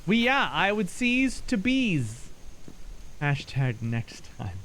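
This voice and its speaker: A high, lively male voice drawls through live game commentary, unhurried most of the time, then bursts into startled yelps and shouts. He chatters to himself and his viewers, with faint ambient noise underneath. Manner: talks to himself and to chat while playing. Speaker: streamer.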